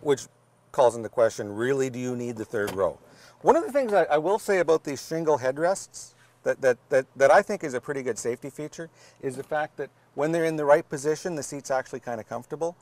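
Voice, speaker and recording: A man's voice: medium pitch, animated, brisk, darkish tone, dry recording. A man with a Canadian accent co-hosting a car review, explaining practical features with dry quips. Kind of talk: casual banter reviewing a vehicle.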